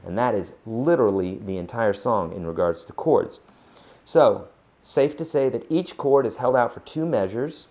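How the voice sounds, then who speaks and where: A man giving a casual acoustic guitar lesson, chatty and relaxed, counting beats aloud. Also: medium pitch, moderate pace. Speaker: guitar teacher. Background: acoustic guitar playing.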